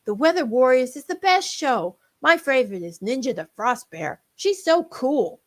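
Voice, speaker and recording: A woman doing a giddy male reindeer with a squealing, shrill voice that leaps high above her own. He gushes breathlessly, bouncing between excitement and outrage in a storybook reading. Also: moderate pace. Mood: starstruck gushing.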